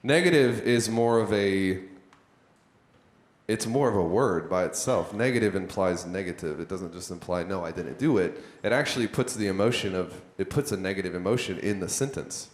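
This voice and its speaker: A man with a fairly low voice teaches a workshop on writing content and keeps quizzing the people in front of him. His tone stays chatty and direct. The sound bounces around the room he is speaking in. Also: normal speed. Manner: conversational, quizzes the audience. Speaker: content creation trainer. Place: room with a live audience. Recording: echoey room.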